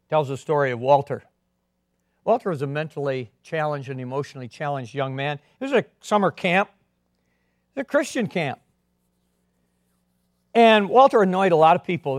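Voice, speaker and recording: A man preaching a sermon as a pastor, earnest, swinging between emphatic and quiet delivery. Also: a little high, no room sound, clean studio sound.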